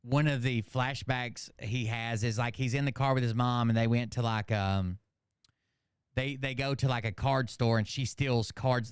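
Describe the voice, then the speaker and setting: A man casually recapping a movie in a profane, animated rant, acting out the characters with sudden shouts. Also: medium pitch, clean tone, no echo, clean studio sound. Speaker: channel host.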